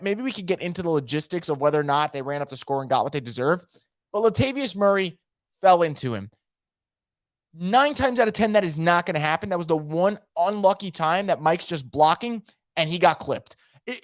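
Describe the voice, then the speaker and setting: A solo sports podcaster with a mid-pitched voice, arguing opinions emphatically and speaking straight to the listener. The sound is dry and close, with no room echo. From fan of a New Orleans team.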